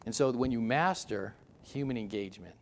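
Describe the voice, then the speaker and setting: A man's voice: medium pitch, normal speed, a little hiss or hum. A middle-aged man giving a motivational seminar talk, chatty and self-deprecating, telling stories to the room. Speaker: seminar speaker.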